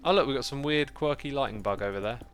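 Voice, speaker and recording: Bright-voiced man chatting while gaming. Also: mid-range voice, fast, slight background noise. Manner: chatty, muttering to himself while playing. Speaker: streamer. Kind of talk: casual gaming livestream commentary.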